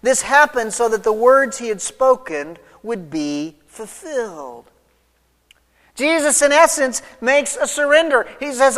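A man's voice: very high-pitched, sing-song, a little slow, a bit bright, big-room sound. A man preaching an expository sermon, retelling the story vividly and putting rhetorical questions to his listeners. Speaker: pastor.

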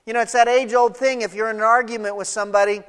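A man's voice: very high-pitched, flat delivery, fast talker, fairly bright tone, smooth. Man preaching in an echoing hall. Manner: emphatic, reads scripture aloud. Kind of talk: expository sermon. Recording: long reverb of a large hall.

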